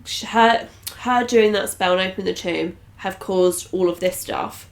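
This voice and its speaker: A woman's voice: medium pitch, normal speed. A woman co-hosting a TV reaction show, eagerly spinning theories about the plot. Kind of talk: casual chat reacting to a TV episode.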